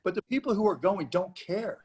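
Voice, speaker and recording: A man speaking as a guest on a panel discussion, talking in an animated way and acting out rowdy moviegoers. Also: high-pitched, a little fast, a crowd in the background. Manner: animated, acts out shouting moviegoers.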